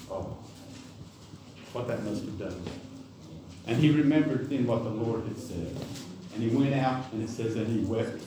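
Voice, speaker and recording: Folksy preacher in an echoey hall. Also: male voice, medium pitch, unhurried, pauses often, noisy background. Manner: folksy, conversational, with asides and self-corrections. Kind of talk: sermon. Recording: echoey hall, distant mic.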